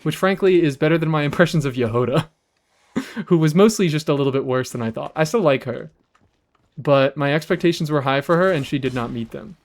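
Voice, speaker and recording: A man streaming a game live, chatting casually with his audience in an animated, rambling way and swearing freely. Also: a little high, brisk.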